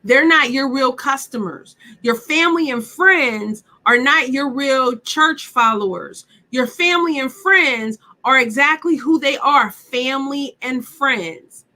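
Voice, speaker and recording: Her voice sits high, bright and pushed, and she's unhurried as she runs a live online workshop. Chatty and emphatic, she repeats points and speaks directly to the audience with questions.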